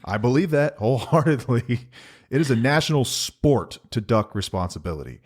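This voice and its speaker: Animated man hosting a podcast. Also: mid-range voice, normal speed. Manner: sarcastic, emphatic storytelling. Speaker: podcast co-host. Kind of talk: casual podcast chat.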